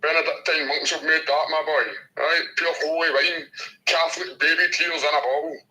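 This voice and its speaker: A man with a Scottish accent in a casual video chat, talking loudly and crudely, taunting and swearing constantly. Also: on the high side, fairly even intonation, moderate pace, low-quality recording.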